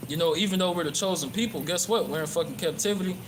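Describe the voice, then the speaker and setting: A man's voice: on the high side, quick pace. A man preaching casually while walking through a park by a pond, rambling and profane, with many fillers and restarts. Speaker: religious livestreamer. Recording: clear outdoor background noise.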